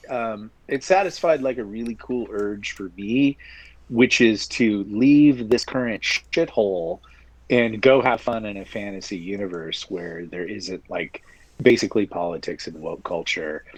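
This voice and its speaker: A man's voice: on the low side, moderate pace, dry recording, low-quality recording. A man in casual podcast chat, joking and slipping into silly voices. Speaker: podcast co-host.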